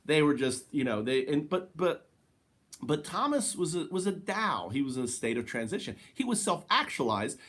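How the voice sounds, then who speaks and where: A man's voice: mid-range voice, a bit bright. A man giving a rambling spiritual monologue, swearing and correcting himself as he goes. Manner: rambling, profane, self-correcting. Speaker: spiritual teacher.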